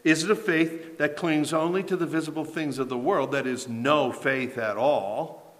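Bright-voiced preacher man in a reverberant hall. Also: a little high, fairly even intonation, moderate pace. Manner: preaching with rising intensity and rhetorical questions. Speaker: pastor. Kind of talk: sermon.

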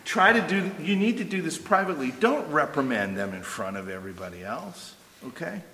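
A middle-aged man preaches a sermon in a casual, talky way, tossing "right?" to his listeners. His voice sits at an ordinary pitch for a man. It rings out with a long reverb, as if heard in a large, echoey hall. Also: a bit bright, a little hiss or hum. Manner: conversational preaching, frequent "right?" asides. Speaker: pastor.

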